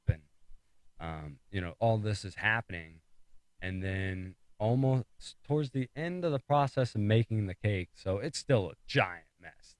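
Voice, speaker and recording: Man, low voice, casual devotional talk, rambling with restarts, repeats phrases, dry close sound. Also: smooth, dry recording, low-quality recording. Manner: rambling, fillers and restarts, retelling a story. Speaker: speaker of a faith talk series.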